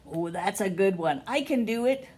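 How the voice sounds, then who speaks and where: A middle-aged woman teacher, reading picture books aloud to young children in a slow, sing-song way. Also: animated, darkish tone, slightly rough. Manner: slow, sing-song, with big pitch swings on questions.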